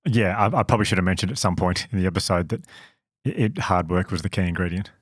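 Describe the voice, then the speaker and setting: A fairly low-voiced man tells a story on a podcast. He sounds earnest and a little self-deprecating. The sound is dry and close to the mic. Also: fast talker, slightly rough, dry recording. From Australia. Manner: earnest, self-deprecating, laughs at own slips. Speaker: podcast co-host and company founder. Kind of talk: casual storytelling chat.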